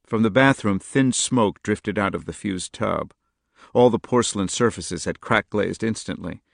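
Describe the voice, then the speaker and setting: A man narrating a novel in a steady, measured audiobook reading, close to the mic. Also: fairly low pitch, gravelly, dry recording. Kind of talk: scripted narration.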